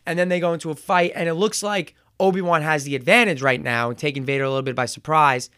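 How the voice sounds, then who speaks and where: A man with a fairly high, smooth voice walks through a show's scenes in a relaxed, chatty review. He trips over words, corrects himself and fills gaps with "um". The sound is dry and close, with no room around it. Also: quick pace, no echo. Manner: chatty, retells scenes with fillers and self-corrections. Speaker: show reviewer. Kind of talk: casual recap and review.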